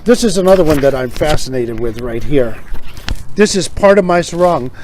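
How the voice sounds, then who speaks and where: A man's voice: fairly high pitch, animated, normal speed, darkish tone, slight background noise. A man hosting a casual comedic monologue, wry and joking, acting out quoted gags. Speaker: host.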